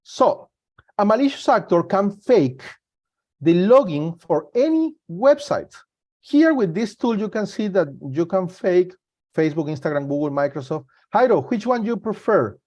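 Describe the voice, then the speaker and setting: Higher-voiced man presenting a security webinar. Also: lively intonation, darkish tone. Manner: halting, repeats and restarts words. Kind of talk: live webinar talk.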